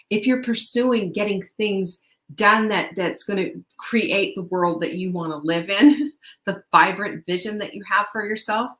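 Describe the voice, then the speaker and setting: A woman's voice: mid-range voice, fairly bright tone, echoey room. A middle-aged woman hosting a motivational podcast, upbeat and chatty, full of rhetorical questions. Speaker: podcast host. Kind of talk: motivational talk.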